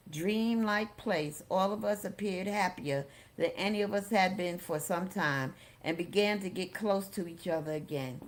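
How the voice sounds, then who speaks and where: A woman reading a memoir aloud as an audiobook, steady and unhurried. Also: lowish voice. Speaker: audiobook reader.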